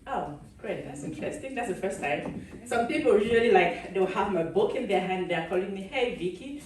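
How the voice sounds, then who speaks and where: A woman from Cameroon giving a lively conference keynote, laughing often and chatting with the audience on stage. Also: mid-range voice, fairly quick, a little hiss or hum. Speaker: keynote speaker. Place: large conference hall. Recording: echoey hall, speaker far from the mic.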